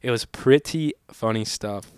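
A man's voice: mid-range voice, measured pace, smooth, dry recording, studio quality. A young man from California telling stories in casual chat and acting out the quotes in a raised voice. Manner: animated storyteller, acts out quotes in a raised voice. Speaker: podcast co-host.

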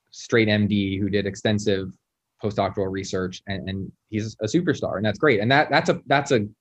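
A man's voice: fairly low pitch, highs cut off. A man who is a postdoctoral researcher, explaining lab work in casual conversation in a wry way. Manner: explanatory, wry, many fillers.

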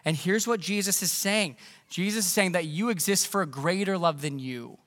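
This is a man in his thirties preaching a sermon, earnest and conversational, with frequent restarts. His voice sits high and sounds bright and forceful. It rings with the long reverb of a church hall. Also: normal speed. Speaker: pastor. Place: church sanctuary.

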